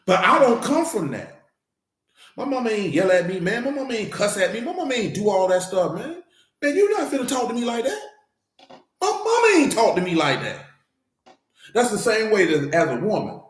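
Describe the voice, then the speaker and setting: Animated preacher in an echoey church. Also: male voice, sits high, brisk. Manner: emphatic, conversational, addresses congregation directly. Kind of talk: informal church teaching.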